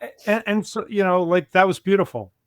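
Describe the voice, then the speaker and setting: Plainspoken man, relaxed and blunt. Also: high-pitched, fairly quick, no room sound. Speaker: guest. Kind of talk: casual conversation.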